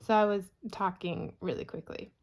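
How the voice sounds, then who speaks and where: A woman's voice: on the low side, fairly even intonation, normal speed, vocal fry. A woman vlogger talking casually through her spending, chatty and self-reassuring as she goes over each figure. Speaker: budgeting vlogger. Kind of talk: casual spoken budget review.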